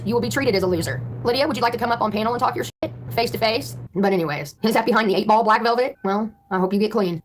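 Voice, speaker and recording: A woman's voice: a little high, slight background noise. A woman ranting casually on a livestream, brash, profane and combative. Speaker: livestreaming YouTuber.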